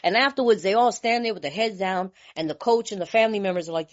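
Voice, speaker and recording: A woman from California sharing her story at a recovery meeting, blunt, animated and laughing, with streetwise talk. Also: medium pitch, quick pace. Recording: dull lo-fi recording.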